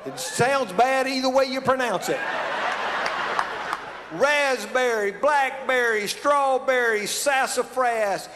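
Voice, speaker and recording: A man's voice: very high voice, takes it slowly, long reverb tail, over a noisy crowd, very noisy. A man from South Alabama with a Southern American accent, telling a comic story to a live audience in a folksy, exaggerated way. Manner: folksy, exaggerated, breaking into laughter. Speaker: comedian.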